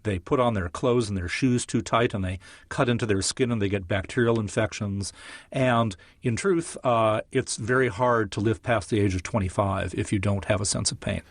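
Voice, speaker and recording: A man as a science guest on an interview show, explaining in a measured, lecture-like way with vivid examples. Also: on the low side, no room sound. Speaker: neuroscientist guest.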